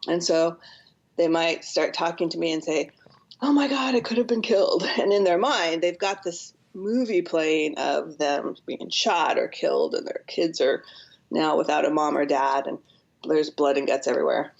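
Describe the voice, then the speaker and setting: Gravelly low-voiced woman explaining calmly. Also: normal speed, dull audio. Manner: earnest, explanatory, acts out quotes. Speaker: counselor and author guest. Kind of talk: podcast interview.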